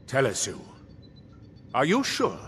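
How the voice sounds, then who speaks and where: Firm guard captain, lively pitch, long reverb tail. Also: male voice, breathy edge, heavily acted. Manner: firm, measured. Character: cautious town guard captain, stern and practical.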